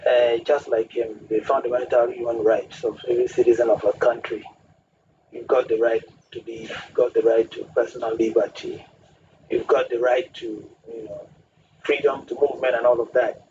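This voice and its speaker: A man's voice: mid-range voice, flat delivery, moderate pace. A man, a guest on a radio talk show, speaking emphatically and using proverbs. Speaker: studio guest. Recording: distant muffled radio studio with hiss.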